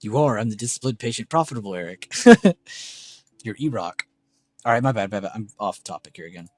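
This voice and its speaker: A low-voiced, excitable young man hosts a trading live stream, talking fast through a casual chart review. He swears freely and gushes praise, with faint music playing in the background.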